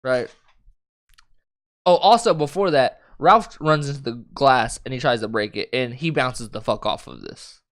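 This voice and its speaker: A young man co-hosting a casual chat, retelling scenes in a profane, animated way with acted-out quotes. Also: mid-range voice, moderate pace. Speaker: co-host.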